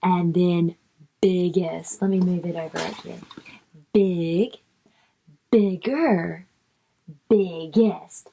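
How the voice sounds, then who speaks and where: A woman's voice: on the low side, steady tone, drawn-out words, vocal fry, pauses often, dark tone. A woman reading a picture book aloud to young children, stretching out the words she reads and coaxing the child with questions.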